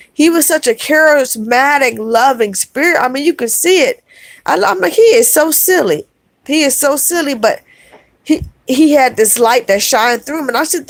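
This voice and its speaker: A middle-aged woman vlogger, her voice high, talks emotionally to her live chat with no room sound. She keeps calling viewers "y'all" and repeats herself to stress what she means.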